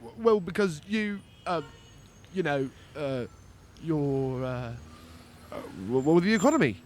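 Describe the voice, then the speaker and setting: A man's voice: a little high, lively intonation, a little slow, a little hiss or hum. A man voicing an awkward, over-eager police officer in a put-on English accent, stammering and flustered. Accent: attempted English.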